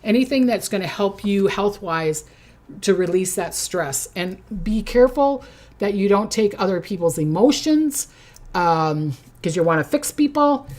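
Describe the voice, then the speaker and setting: A woman's voice: mid-range voice, lively intonation, darkish tone. A middle-aged woman giving a casual zodiac forecast, chatty and repetitive, often checking in with "okay?" and briefly mimicking people. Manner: chatty, repeats "okay?", acts out quick voices. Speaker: psychic doing zodiac forecasts. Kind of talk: casual spoken forecast to camera.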